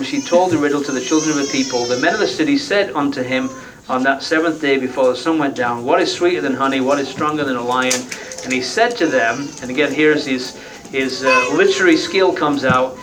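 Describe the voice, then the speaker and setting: Folksy preacher man, slightly distant mic. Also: mid-range voice. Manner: conversational, folksy, with frequent rhetorical tag questions. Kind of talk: sermon.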